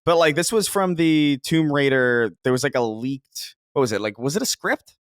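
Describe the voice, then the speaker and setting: A man's voice: on the high side, animated, normal speed, clean tone, no room sound, clean studio sound. A man co-hosting a podcast, chatty and rambling with many fillers. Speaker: podcast co-host. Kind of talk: casual podcast chat.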